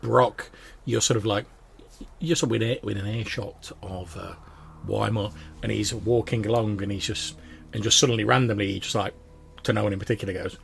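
A man runs a tabletop game in a low, gravelly voice, narrating scenes loosely with lots of fillers. He sounds relaxed and conversational, leaning in on descriptive moments. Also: brisk, slight background noise. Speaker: game master.

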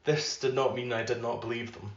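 Male podcast host doing an unhurried literary reading, mid-pitched voice, roomy and slightly muffled recording. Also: fairly even intonation. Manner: measured, unhurried reading; loose and filler-heavy when chatting.

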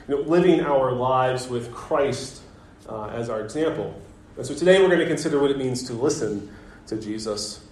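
A man in his thirties preaching a sermon as pastor, telling a family story in a relaxed, conversational way with gentle self-deprecating humor. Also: mid-range voice. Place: church sanctuary. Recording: echoey church sanctuary.

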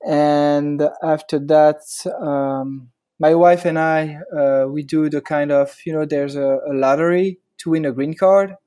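Soft-spoken French man, hesitant. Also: on the high side, steady tone, unhurried, hardly any pauses. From France. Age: 30s. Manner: hesitant, apologetic, searching for words. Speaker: guest photographer. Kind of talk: casual podcast chat.

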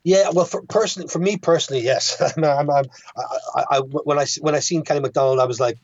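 A man's voice: on the high side, fairly even intonation, fast, lo-fi sound. A man with an Irish accent, a guest filmmaker chatting on a podcast, hesitant and full of restarts and fillers. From Ireland. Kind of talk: casual podcast chat.

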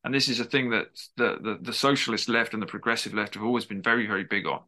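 A man's voice: on the low side, quick pace, sharp tone. A man being interviewed as an author, talking at length in an emphatic, discursive way with frequent restarts. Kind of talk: conversational interview.

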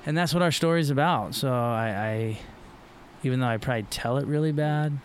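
A man's voice: mid-range voice, a little fast, a little hiss or hum. A middle-aged man from Florida, a pro surfer guest, talking in a loose, rambling way with lots of fillers and restarts. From Florida, USA. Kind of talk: casual podcast conversation.

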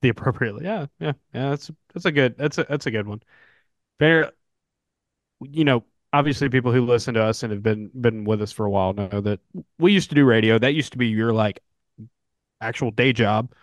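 Slow-talking easygoing podcast host, man. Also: mid-range voice, no room sound. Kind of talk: casual chat.

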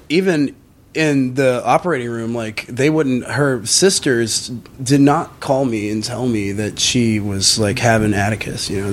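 A man, a podcast guest and musician, telling a personal story in casual conversation, full of fillers and swearing, and jumping into higher, louder voices when he quotes people. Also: a little hiss or hum. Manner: animated retelling with frequent swearing and fillers.

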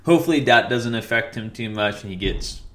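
Expressive and fairly quick, the medium-pitched, fairly bright voice belongs to a young man running a solo sports podcast. His casual talk rambles, is full of fillers, and often circles back to correct itself.

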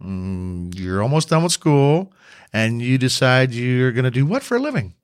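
A man's voice: medium pitch, big pitch swings, moderate pace, smooth, no echo, clean studio sound. A man with a faint Southern accent hosting a casual interview, joking, teasing and heaping praise on his guest. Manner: jokey, teasing, effusive with praise. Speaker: podcast host.

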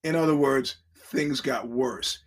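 Male podcast host, casual storyteller, middle pitch, rambles along and acts out other people's lines. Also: slow. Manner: rambling, animated, acts out quoted voices.

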